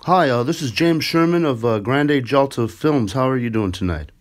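A man's voice: mid-range voice, moderate pace. A man making a casual prank phone call, chatty and upbeat with lots of fillers. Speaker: prank caller, show host.

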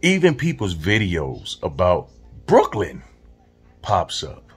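A man's voice: deep voice, wildly swooping pitch, takes it slowly, breathy edge, faint music behind. A man talking casually and directly to his viewers as a vlogger. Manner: streetwise, direct, addresses viewers as y'all. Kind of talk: casual talk to camera.

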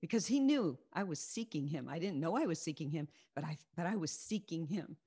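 Low-voiced woman giving an earnest faith talk. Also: expressive, brisk, mellow, husky. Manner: earnest, repeats key phrases for emphasis. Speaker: faith group teacher. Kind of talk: Christian teaching and personal testimony. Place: home, on a video call. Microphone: video call.

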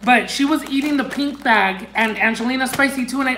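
A man unboxing fan mail in a casual chat, gushing and excitable, bursting into squeals and dropping into Spanish phrases. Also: very high voice, brisk, slight background noise. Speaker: unboxing vlogger. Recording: echoey room.

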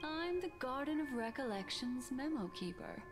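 Calm wary young memory keeper, high voice, game music behind. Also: female voice, moderate pace.

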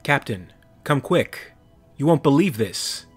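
A man voicing a brash young male marine private, loud and eager. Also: mid-range voice, moderate pace, soft background music, close to an everyday voice. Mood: excited. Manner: excited, cocky, then screaming in panic.

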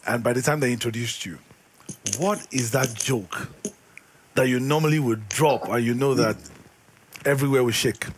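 A male talk show host asks his guest questions in a calm, encouraging way. He speaks at a middle pitch, with light hiss on the recording. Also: normal speed, long pauses. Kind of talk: interview questions.

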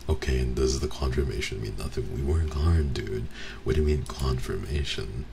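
Very deep gravelly man, teasing ASMR chat. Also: normal speed. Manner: teasing, playful, mock-offended. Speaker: streamer. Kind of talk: soft-spoken ASMR stream chat. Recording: steady background noise.

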